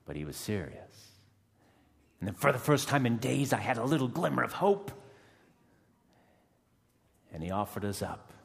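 A man playing a fierce, emotional rebel prisoner who has just been freed. He delivers a first-person dramatic monologue, swinging between hushed tones and loud outbursts with dramatic pauses. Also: mid-range voice, very animated, creaky. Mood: intense. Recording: long reverb of a large hall.

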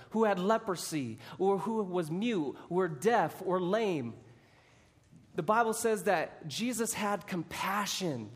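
A man delivers a sermon in a high, lively voice. He tells a Bible story in an animated way. His voice rings with a long echo in a large hall. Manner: animated storytelling with dramatic shouted re-enactments. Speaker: preacher.

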